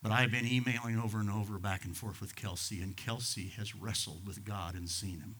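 A man in his sixties preaching a sermon as a pastor, impassioned, swinging from loud outbursts to hushed asides. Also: lowish voice, fairly quick, hardly any pauses, husky. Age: 60s.

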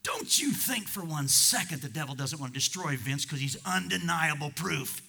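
A man's voice: on the high side, lively intonation, normal speed, creaky, bright, forceful tone, breathy edge. A male pastor preaching a sermon to his congregation at a church service, talking conversationally with chuckles and rising to fervent emphasis.

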